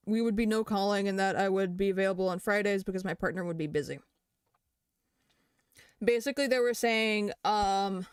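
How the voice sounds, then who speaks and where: In casual commentary, a young adult creator reacts to posts they read aloud about allegations against them, swearing freely. Their voice is medium-pitched with a clean tone, in a dry, studio-quality recording.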